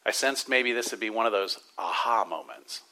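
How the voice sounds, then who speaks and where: A man with a bright, ringing voice preaches in a church. He leans hard on key words, slows them down for weight, then drops almost to a murmur before building up again. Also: on the low side, expressive, low-quality recording. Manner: emphatic preaching with drawn-out stresses and sudden soft drops. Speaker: pastor. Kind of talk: sermon.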